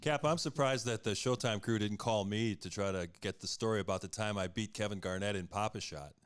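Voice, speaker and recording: A man's voice: fairly low pitch, brisk, smooth. A man hosting a podcast, talking casually and laughing often as he tells a loose story. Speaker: podcast host. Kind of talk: casual chat.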